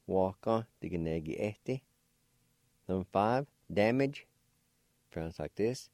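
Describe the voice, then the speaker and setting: Slow, deep-voiced man teaching words. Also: animated, warm tone, no echo, studio quality. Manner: patient, spells letters slowly and repeats words. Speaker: language teacher and radio host. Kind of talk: slow spelling and pronunciation lesson. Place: radio studio.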